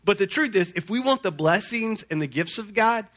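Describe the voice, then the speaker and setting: High, bright-voiced pastor. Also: male voice, normal speed. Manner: folksy, energetic, repeats words often. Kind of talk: sermon.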